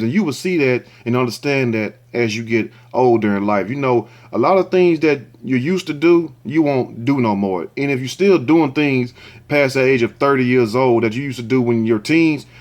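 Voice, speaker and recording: A man hosting casual video commentary, talking in a rambling, blunt, folksy way. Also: medium pitch. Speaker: host.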